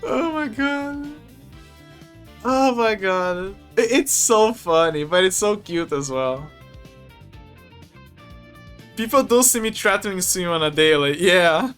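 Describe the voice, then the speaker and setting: A man streaming, chatting casually in a rambling, animated way with frequent restarts and laughs. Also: high-pitched, a little slow, pauses often. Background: faint music.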